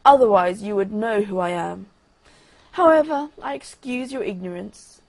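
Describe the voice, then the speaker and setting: A conceited male firework rocket holds forth in a grand, self-admiring tone, as a woman puts him on. The voice is gravelly and husky, at a middle pitch. It is a storybook figure who talks down to everyone around him. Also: expressive, normal speed. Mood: haughty. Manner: pompous, self-admiring, loud declaiming. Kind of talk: bedtime story reading.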